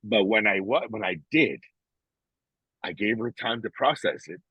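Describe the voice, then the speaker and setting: A man with a very low, husky voice co-hosts a casual podcast, talking bluntly and swearing freely. He circles back and restarts his thoughts as he reflects. The recording is dry and a little muffled. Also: measured pace, no room sound. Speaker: podcast co-host.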